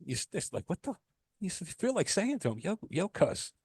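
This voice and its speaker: A man's voice: high-pitched, big pitch swings, fast talker, husky, no echo, studio quality. A man co-hosting a casual podcast, telling a rambling story full of restarts and fillers, swearing casually. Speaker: podcast co-host.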